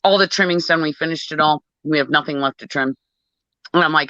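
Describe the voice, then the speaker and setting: A woman telling a story in casual chat, animated, swearing, acting out the dialogue. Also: sits low, a little fast, dry recording. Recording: dull lo-fi phone recording.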